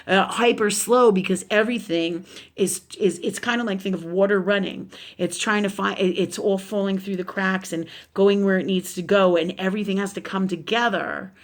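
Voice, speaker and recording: A woman spiritual teacher talking casually in a live stream, animated and profane, with many fillers and asides. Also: mid-range voice, normal speed.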